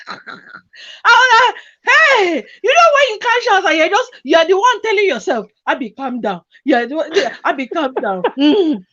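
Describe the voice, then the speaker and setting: Animated, laughing woman storyteller. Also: extremely high pitch. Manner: animated, laughs often, acts out voices in her story. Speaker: podcast host telling a personal story. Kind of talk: casual storytelling chat. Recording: dull lo-fi recording.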